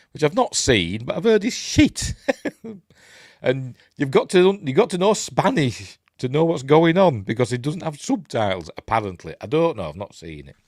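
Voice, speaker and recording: Yorkshire man, live-stream news host, rambling chatty commentary, animated voice, dry close sound. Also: mid-range voice, no echo. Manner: rambling, chatty asides while reading articles aloud.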